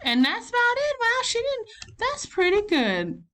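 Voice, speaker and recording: High-voiced folksy southern granny filling in as teacher, played by a woman, encouraging, walks kids through each step. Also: huge pitch swings, a little slow, pushed and bright, full character voice. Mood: patient. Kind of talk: recorded math lesson.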